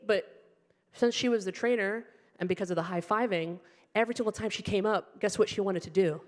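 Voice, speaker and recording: A middle-aged woman telling stand-up stories in an animated, wry, self-mocking way on a comedy stage. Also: fairly low pitch, fast. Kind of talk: stand-up storytelling. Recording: stage mic with hall reverb.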